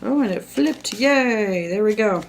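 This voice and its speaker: A woman's voice: mid-range voice, lively intonation, measured pace, vocal fry, background noise. A woman giving a casual tarot reading at home, chatty and reassuring, with lots of fillers. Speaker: tarot reader. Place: indoors at home by a window.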